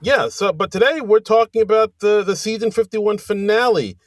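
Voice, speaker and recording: Playful guy cohosting a podcast, kinda high pitched, dry mic. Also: normal speed, dry recording. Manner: jokey, puts on bad British accent. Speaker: podcast co-host. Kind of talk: casual comedy podcast chat.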